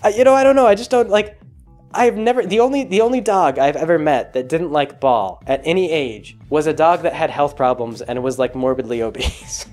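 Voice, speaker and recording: A man with a slightly high-pitched voice hosts his own podcast in a loose, rambling monologue. He keeps restarting his sentences and filling the gaps with small words, and he gets lively when something amuses him. Soft music plays faintly underneath. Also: normal speed. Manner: rambling, full of restarts and fillers; grows animated and higher when amused. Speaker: podcast host. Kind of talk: casual monologue.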